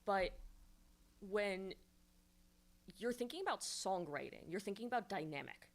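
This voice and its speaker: A woman's voice: mid-range voice, expressive, unhurried. A woman giving casual songwriting feedback on a livestream, rambling and explanatory with many fillers and restarts.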